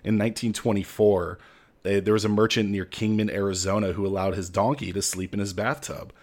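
A man's voice: lowish voice, steady tone, brisk, a little mellow. A young adult man hosting a solo comedy podcast, talking in a mock-grandiose, tongue-in-cheek way. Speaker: podcast host.

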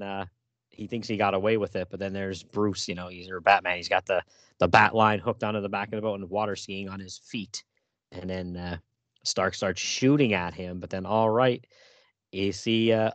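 A man co-hosting a casual comic book podcast, retelling scenes in a relaxed way with hesitant fillers. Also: on the low side, moderate pace, no echo, highs cut off. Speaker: podcast co-host.

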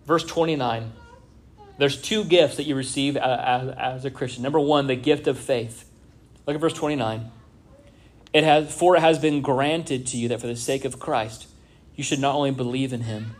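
A man from Southern California preaching a sermon in a church, conversational, often checking in with the congregation. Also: medium pitch. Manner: conversational preaching with frequent "right?" asides. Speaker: pastor. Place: church sanctuary.

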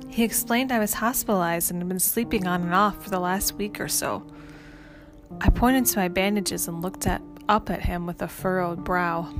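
A woman reading a first-person story aloud in an even, measured way. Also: lowish voice. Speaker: story narrator. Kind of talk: scripted first-person narration. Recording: music playing underneath.

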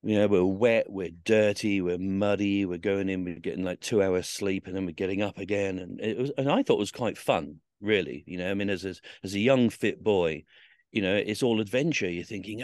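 Speaking at normal speed in a voice on the low side with a darkish tone, a podcast guest rambles through stories from his past. Fillers, restarts and free swearing run throughout, and he acts out the voices he quotes. Dry, studio-quality sound.

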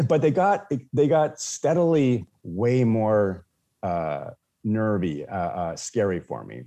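Halting storytelling man, mellow voice. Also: mid-range voice. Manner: halting, many restarts and fillers. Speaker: podcast guest. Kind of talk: casual storytelling.

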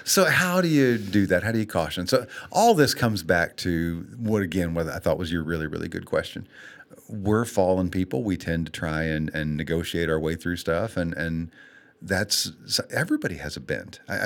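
A man's voice: sits low, animated, moderate pace. A man co-hosting a faith-based podcast, talking earnestly and candidly, laughing at himself and getting emotional. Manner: earnest, candid and self-deprecating, laughs often; emotional, tears up on heartfelt points. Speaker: podcast co-host. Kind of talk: casual faith-based chat.

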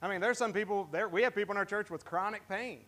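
A man's voice: sits high, a bit bright. A pastor giving a sermon in church, talking conversationally, often restarting his sentences and asking the congregation questions. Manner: halting, with many restarts. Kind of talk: interactive sermon.

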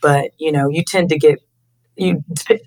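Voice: mid-range voice, steady tone, measured pace, a little mellow, rough recording. A person hosting a chat over a video call. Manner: conversational, reflective, repeats words. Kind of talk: casual chat.

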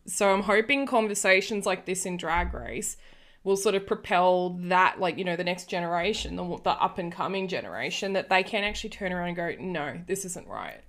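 A woman's voice: lowish voice, brisk, a bit bright. A woman in her early thirties chatting casually on a podcast, telling a rambling story full of restarts. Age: early 30s. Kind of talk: casual chat.

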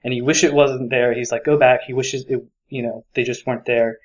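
A man co-hosts a podcast and talks eagerly about a book, rambling along with lots of filler words. His voice sits at medium pitch with a level tone and a slightly quick pace, and the high frequencies are cut off.

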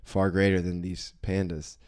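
A man's voice: deep voice, flat delivery, moderate pace, a little mellow, clean tone. A man co-hosting a podcast in casual chat, joking and riffing, acting out little scenes. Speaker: podcast co-host.

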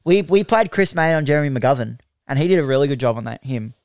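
A man's voice: medium pitch, expressive, darkish tone, dry recording, studio quality. A man with an Australian accent co-hosting a football podcast, needling his friends and laughing at them. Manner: quick, needling, laughs at others. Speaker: podcast co-host. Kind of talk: casual podcast banter about football.

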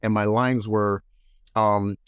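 A lower-voiced man, recounting his start in entertainment in a relaxed interview. He talks animatedly and slips into impressions of people in his stories. The recording is dry and close. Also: slow, clear, resonant tone, dry recording. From New York. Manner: animated, mimics voices in anecdotes. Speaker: guest entertainer. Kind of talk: casual interview storytelling.

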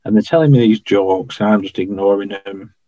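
A former royal guardsman, speaking as a podcast guest, tells casual, chatty anecdotes using dialect grammar such as "I was stood." His low voice is brisk and dark in tone, and the recording is dry and lo-fi.

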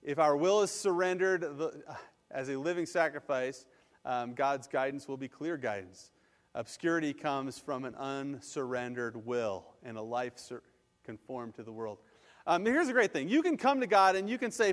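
A man's voice: mid-range voice, normal speed. Preaching man in a reverberant hall. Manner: earnest, conversational preaching with acted-out prayers. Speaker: pastor. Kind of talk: sermon.

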